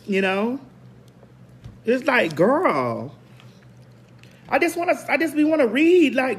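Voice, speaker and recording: A woman's voice: sits high, sing-song, slow, long pauses, a little hiss or hum. A woman hosting her own online show in a brash, profane, unscripted rant to viewers, hammering single words over and over.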